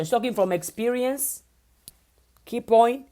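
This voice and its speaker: Lady hosting a stream, talks real slow, keeps repeating her points. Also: mid-range voice, expressive, a little mellow. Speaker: live stream host. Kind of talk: casual live stream chat.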